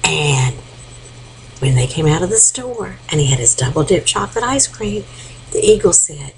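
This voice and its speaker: An older grandmother with a fairly low voice telling an old folk tale, animated and playful, often dropping into a hushed whisper to draw the listener in. The recording is homemade and quiet, with a faint hiss behind her. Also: moderate pace, low-quality recording. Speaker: grandmother storyteller.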